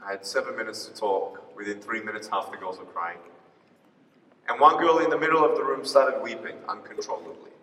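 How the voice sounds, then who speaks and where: Animated man speaking in an echoey hall. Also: fairly low pitch, brisk, distant mic. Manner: animated storyteller acting out dialogue. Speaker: motivational speaker. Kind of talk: live storytelling speech. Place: large hall before an audience. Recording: echoey hall picked up from afar.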